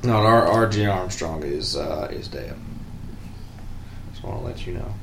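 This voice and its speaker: A man co-hosting a podcast, chatting in a relaxed way, laughing along and trailing off mid-sentence. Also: sits low, unhurried, heavy background noise. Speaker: podcast co-host. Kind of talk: casual chat. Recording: echoey room with faint music.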